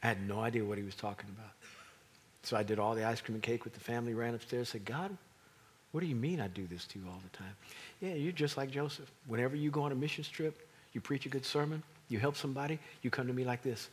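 Husky-voiced man preaching a sermon. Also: medium pitch, quick pace.

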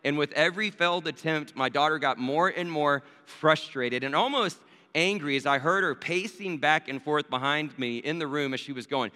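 Man, pastor, storytelling sermon, bright forceful voice, a bit high, long hall reverb. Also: normal speed. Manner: conversational, addresses listeners directly with rhetorical "right?".

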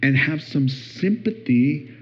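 A man preaching a sermon as a pastor, playful and deliberate, acting out what spouses say. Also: fairly high pitch, animated. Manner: playful, acts out spouses' words with laughter. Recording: dull lo-fi sound.

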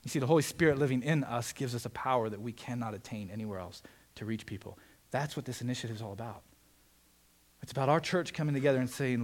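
A man preaching a sermon as pastor, in a conversational, animated way, acting out quotes and asides. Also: medium pitch, quick pace.

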